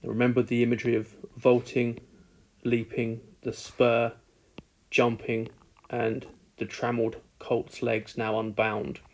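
A man with a British accent teaching literature in a measured, deliberate way, leaning on key words. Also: medium pitch, monotone, low-quality recording. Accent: British English. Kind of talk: recorded lesson.

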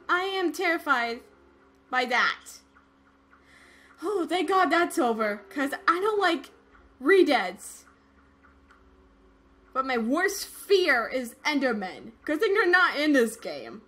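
Excitable young woman narrating her gameplay. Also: sits high, slow pace, pauses often, faint music behind. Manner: excitable, frightened squeals and laughs. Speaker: let's play gamer. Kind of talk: casual gameplay commentary.

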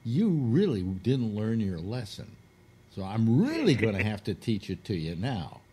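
A man's voice: on the low side, huge pitch swings, a little slow, dark tone, husky. A man hosting a casual radio talk show, telling a long crude joke with acted-out quotes. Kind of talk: casual radio chat, storytelling.

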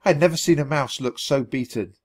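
A man reading a children's storybook aloud for learners, in an expressive, animated way. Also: on the high side, fairly quick, husky. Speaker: storybook reader.

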